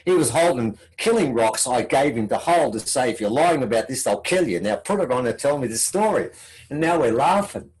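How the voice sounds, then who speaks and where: A man's voice: animated, a little fast, darkish tone, low-quality recording. An Australian man giving a conference talk, telling a story and acting out the dialogue in it. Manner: acts out quoted dialogue with shifting pitch. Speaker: conference speaker.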